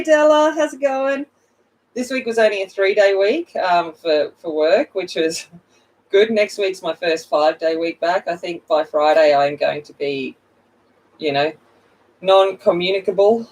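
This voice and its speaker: A woman's voice: on the low side, moderate pace, darkish tone, far from the mic, rough recording. Chatty woman coloring on a livestream. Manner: chatty, greets viewers by name, laughs at herself. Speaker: coloring channel host. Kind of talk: casual chat while coloring on a livestream.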